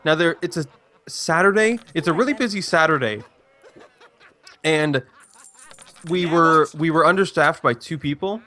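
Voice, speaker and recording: A man's voice: a little high, moderate pace, pauses often, sharp tone. A young man, telling a story in casual chat with restarts and rambling. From Canada. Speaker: stream co-host.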